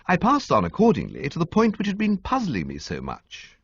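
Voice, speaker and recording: A man narrating a comic audiobook with an expressive, sweeping storytelling delivery, on a dull, dry recording. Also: sits high, a little fast, vocal fry, breathy edge, dry recording.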